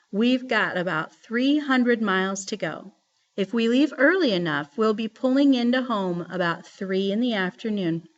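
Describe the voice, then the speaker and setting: A woman voicing an organized mother reading out a travel plan, calm and matter-of-fact, on a dull lo-fi recording. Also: mid-range voice, close to an everyday voice.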